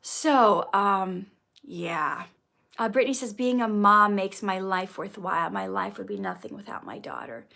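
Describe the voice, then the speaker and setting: A woman in her thirties hosting a casual livestream, chatting warmly and encouragingly as she reads viewer comments aloud. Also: medium pitch, expressive, measured pace, vocal fry.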